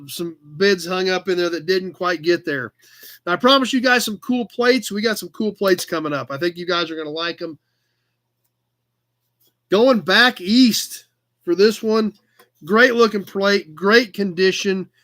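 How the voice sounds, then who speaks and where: Guy hosting a live online auction, really high bright voice, upbeat and chatty calling bids. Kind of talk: casual livestream auction.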